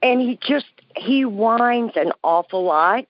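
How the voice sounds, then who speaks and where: A woman's voice: fairly high pitch, animated, slow, dull audio. A woman calling in to a show, friendly and laughing easily as she talks. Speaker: caller. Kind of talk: phone call-in.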